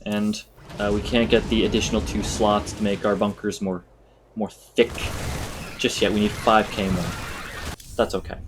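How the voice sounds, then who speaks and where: A man's voice: lowish voice, level tone, moderate pace, noisy background. A man giving casual let's-play commentary, chatty and thinking aloud. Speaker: gamer.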